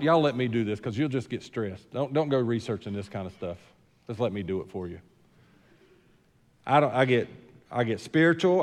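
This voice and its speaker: A man with a Southern American accent preaching a sermon as senior pastor, folksy, shifting from quiet asides to loud, emphatic declarations. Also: medium pitch, big-room sound.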